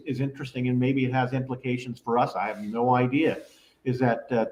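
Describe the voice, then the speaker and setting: A man talking in an echoey room, his voice at an ordinary middle pitch. He is a guest on someone else's podcast and explains his show's plans in a measured way, with the odd joke. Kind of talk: casual chat.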